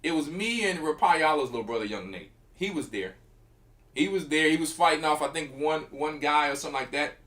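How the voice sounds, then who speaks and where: A man's voice: fairly high pitch, fairly quick. A middle-aged man, telling a story in casual talk and acting out the quotes and punches. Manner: animated, acts out quotes and punches with sound effects. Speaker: church elder.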